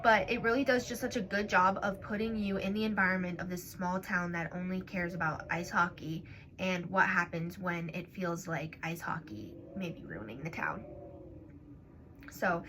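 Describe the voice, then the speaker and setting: A woman's voice: mid-range voice, fairly even intonation, a little fast. A young woman giving a casual, gushing book review outdoors, talking in a rambling way with many fillers. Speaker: book vlogger. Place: outdoors in strong wind. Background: wind noise.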